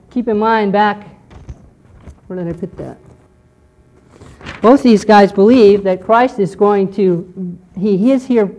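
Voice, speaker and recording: A woman teaching a history lesson to a class, explaining step by step and often pausing to check in with "okay". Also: medium pitch, mellow. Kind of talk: lecture on church history.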